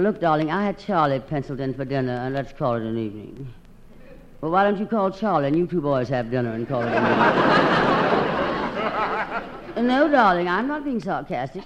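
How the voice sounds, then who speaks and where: A woman with a husky, theatrical drawl doing a sardonic, self-mocking comic monologue as one side of a phone call. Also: deep voice. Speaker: comedienne. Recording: dull old recording with loud hiss.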